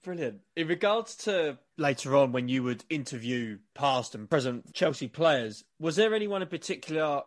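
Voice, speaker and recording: A man's voice: fairly high pitch, expressive, normal speed, few pauses. A man hosting a podcast, asking questions in a conversational, encouraging way. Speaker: podcast host. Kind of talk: casual interview.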